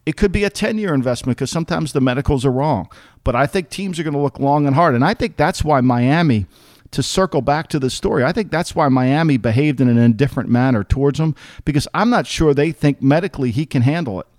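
A man's voice: on the high side, quick pace, a little mellow, no echo, clean studio sound. A middle-aged man co-hosting a sports podcast, arguing bluntly and emphatically and cursing freely. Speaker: podcast host, former football executive. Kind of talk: casual sports podcast chat.

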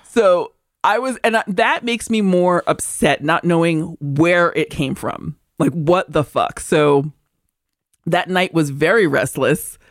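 A woman co-hosting a podcast, telling a lively story in casual chat and acting out her cat's thoughts in little voices. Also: fairly low pitch, takes it slowly, no echo, studio quality. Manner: animated storyteller, acts out her cat. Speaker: podcast co-host. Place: converted barn in the country.

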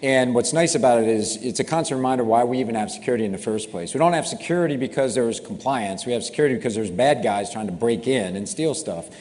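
A man's voice: mid-range voice, fast, hardly any pauses. Middle-aged man, security founder, easy explanatory delivery, wry humor, recorded in a reverberant space. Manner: relaxed, explanatory, self-deprecating humor. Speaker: cybersecurity company founder. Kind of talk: interview answers.

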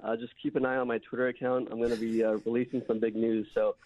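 A man's voice: mid-range voice, level tone, fast, a little mellow, no echo. A man calling into a radio show, joking and teasing the hosts in casual chat. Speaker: radio caller. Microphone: phone. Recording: tinny phone line.

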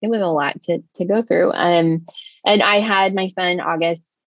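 Low-voiced woman telling a harrowing story. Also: steady tone, measured pace, dry recording, muffled recording. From United States. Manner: vivid, breathless retelling with frequent "like" fillers. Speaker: guest. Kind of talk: emotional personal storytelling.

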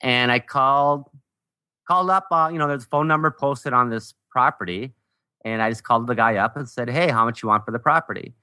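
A man in his forties, a podcast guest, telling a story about his early mistakes with animated, self-mocking humor. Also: medium pitch, a little fast, clean tone, dry recording, studio quality. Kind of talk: casual storytelling.

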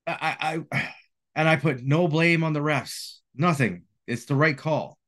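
A man's voice: fairly high pitch, measured pace, a bit bright. A man co-hosting a casual sports podcast, talking in a conversational way, often hedging with "like" and "right?". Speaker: podcast co-host.

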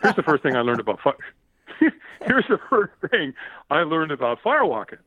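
Male guest, animated storyteller with a lively, swinging pitch, recorded over a dry, tinny phone-like line. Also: moderate pace, no echo. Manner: lively, acts out quoted shouts, repeats words. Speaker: podcast guest.

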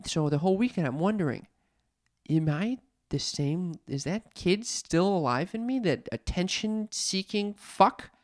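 A man co-hosting a candid podcast with his mother, telling stories in a profane, self-mocking and animated way. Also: high voice, unhurried, no room sound, clean studio sound. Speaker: podcast co-host. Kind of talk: candid family podcast chat.

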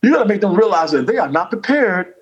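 A man with a slightly high voice tells a rambling comic story in loose conversation. He is animated and profane, and he loops back over his own phrases as he builds each bit. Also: fast talker, dull audio. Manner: animated, profane, repeats himself. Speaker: comedian guest. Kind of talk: casual storytelling chat.

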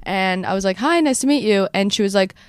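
A woman in her twenties hosting a podcast, telling a story in a fast, animated way and acting out the quotes. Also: medium pitch, clear, resonant tone, no room sound. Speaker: podcast host. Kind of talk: casual storytelling chat.

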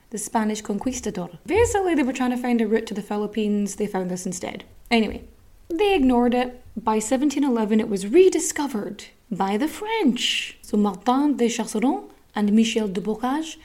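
A woman's voice: a little high, dark tone. A woman hosting a podcast, telling a history story in a chatty, wry way full of swearing and asides. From Ireland. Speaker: podcast host.

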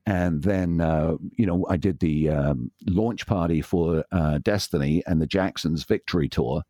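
Deep-voiced Englishman in his sixties telling stories. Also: unhurried, dark tone, no echo, studio quality. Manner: enthusiastic, acts out quoted voices. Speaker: guest, DJ. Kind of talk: anecdotal interview storytelling.

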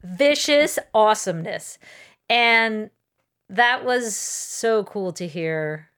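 Lively woman podcast host, slight Southern lilt. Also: mid-range voice, clear, resonant tone. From Southern California. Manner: lively, laughing, quick asides. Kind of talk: casual podcast chat.

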